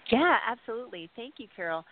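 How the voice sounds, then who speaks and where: Woman, guest speaker, animated storytelling, laughs often, phone-like sound. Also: a little high, fast talker. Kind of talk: storytelling anecdote. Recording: tinny phone-like line.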